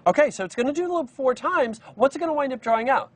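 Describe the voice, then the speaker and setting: Male coding instructor, live-stream lesson, animated pitch, dry close sound, chatty with lots of ums. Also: fast talker, dry recording. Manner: chatty, with many fillers and restarts. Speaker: programming instructor.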